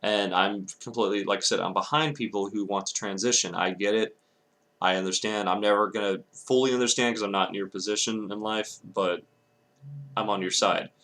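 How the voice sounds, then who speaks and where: A man's voice: on the low side, fairly even intonation, fairly quick, fairly bright tone. A young man from Texas ranting angrily in a vlog, swearing often and breaking off to apologize. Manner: angry, profane ranting with apologetic asides. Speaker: vlogger.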